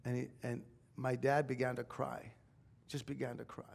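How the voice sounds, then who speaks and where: Gravelly-voiced man preaching a heartfelt testimony. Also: medium pitch, little pitch movement, normal speed. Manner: emotional, confessional storytelling that swells to shouting. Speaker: pastor. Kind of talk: sermon testimony. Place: church sanctuary.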